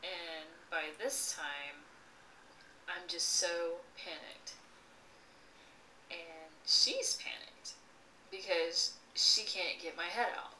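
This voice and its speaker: A woman slowly telling a personal childhood story with lively expression and occasional laughs. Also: fairly low pitch. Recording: echoey room, voice from a distance, faint noise.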